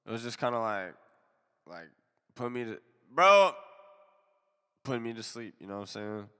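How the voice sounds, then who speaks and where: A man chats through a casual live music review, loose and slangy, leaning on fillers between thoughts. His voice is bright and smooth but a bit nasal from allergies. A long reverb hangs behind every word. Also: mid-range voice, very animated, normal speed. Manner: laid-back and slangy, filler-heavy. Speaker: music review show host.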